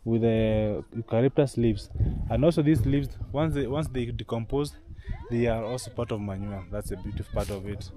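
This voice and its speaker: A man narrates a walking vlog outdoors, guiding the viewer through the farmland in an explanatory way and circling back over his points. He speaks at an ordinary pitch, recorded on an action camera. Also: moderate pace, background noise. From Kenya. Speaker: travel vlogger. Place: outdoors on a rural hillside.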